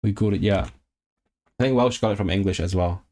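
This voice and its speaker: This man's voice sits on the low side, brisk and a little mellow. He is from Hong Kong and livestreams for his chat as he studies a language, pronouncing words slowly, repeating them, and voicing his own corrections.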